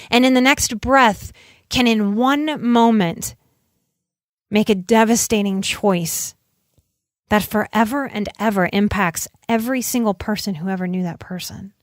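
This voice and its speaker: A middle-aged woman, a counselor, hosts a solo self-help podcast, speaking earnestly and emphatically and slowing down to stretch out key words. Her voice is on the high side, captured in studio quality with no echo.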